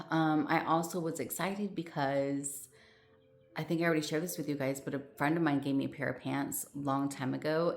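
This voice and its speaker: A vlogger chats casually to camera with her viewers in a low voice marked by vocal fry. She rambles, full of fillers and restarts, and sounds short of breath.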